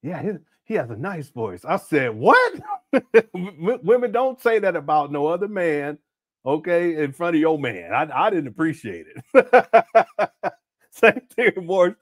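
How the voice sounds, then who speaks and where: A man's voice: a little high, very animated, moderate pace. A man hosting casual livestream commentary, rambling with many restarts and fillers and breaking into laughing banter with viewers. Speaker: host.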